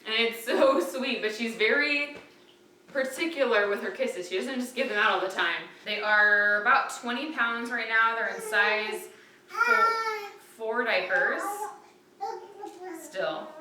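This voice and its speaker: A woman's voice: medium pitch, pushed and bright. A young woman, a mother of twins, chatting casually to camera at home in a fond, rambling way full of "like" fillers. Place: room in a family home with babies nearby. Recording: roomy home sound from a distance, faint noise.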